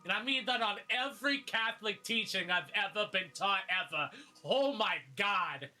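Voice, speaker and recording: A brash, hot-tempered brawler with a crude mouth, played by a man in a tabletop game. The voice sits high and bright, and he rambles through long, profane rants. Music plays faintly behind him. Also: normal speed. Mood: ranting. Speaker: player voicing his character.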